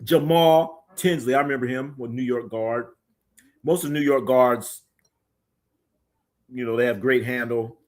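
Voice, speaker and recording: Male sports livestream host, casual and joking, reacting loudly to chat; mid-range voice. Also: medium pitch, a little slow, long pauses. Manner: loose, joking, animated bursts. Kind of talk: casual chat reading live comments.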